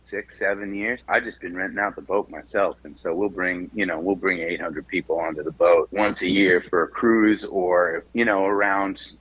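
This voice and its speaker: A low-voiced man from the Boston area, a singer-songwriter, talks loosely and casually as an interview guest, swearing freely. His voice is bright and forceful, heard on a dull, lo-fi podcast recording. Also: fairly even intonation, normal speed, breathy edge. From Boston area, USA.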